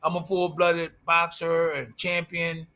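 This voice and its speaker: A man's voice: on the high side, little pitch movement, measured pace, sharp tone. An older man with a Philadelphia accent, a boxing champion chatting loosely on a show, repeating himself and laughing often. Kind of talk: casual boxing chat.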